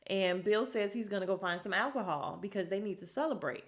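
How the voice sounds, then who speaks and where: A woman hosting a podcast, casually recapping a TV episode, animated and laughing as she acts out the characters' lines. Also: medium pitch, a little fast.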